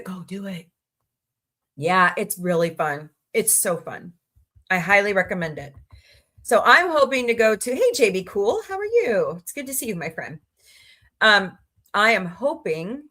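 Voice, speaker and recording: A woman hosting a casual livestream, rambling happily, greeting viewers by name and laughing easily. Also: a bit bright. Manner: chatty, rambling, reads chat aloud and greets viewers; laughs easily, voices reactions with sudden high squeals. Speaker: livestream host.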